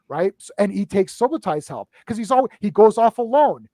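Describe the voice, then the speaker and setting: A man on a casual live-stream film chat, excitedly retelling scenes in quick bursts, restarting often and tagging on "right?". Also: high-pitched, dry recording. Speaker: movie discussion panelist.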